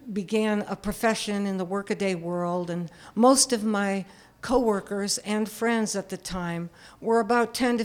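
A woman in her seventies telling a personal story in a candid, self-deprecating way, often chuckling. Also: mid-range voice. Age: 70s.

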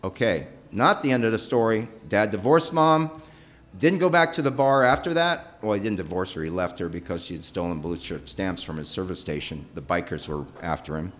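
A middle-aged man telling a personal story with emotion. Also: brisk. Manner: emotional, animated, pitch rising and falling sharply.

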